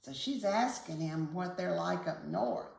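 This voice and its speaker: A woman reading a picture book aloud to children, with gentle, chatty asides. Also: on the low side, animated, unhurried, vocal fry. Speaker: children's story reader. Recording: echoey room, faint hiss.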